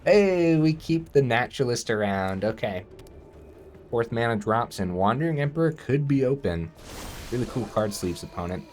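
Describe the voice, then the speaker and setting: A man giving casual gameplay commentary, thinking aloud and breaking into excited outbursts. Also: medium pitch, moderate pace, slight background noise.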